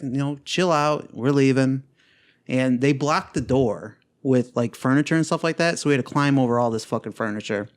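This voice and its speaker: A young man and podcast co-host telling a party story in casual chat, acting out quotes and swearing a lot. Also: moderate pace. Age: young adult. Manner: animated storyteller, acts out quotes with big pitch jumps, swears a lot.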